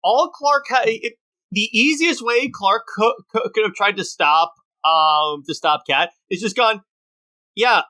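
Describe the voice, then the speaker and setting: A co-host of a casual comic book podcast, talking fast, laughing often and stumbling over words. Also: medium pitch, pushed and bright.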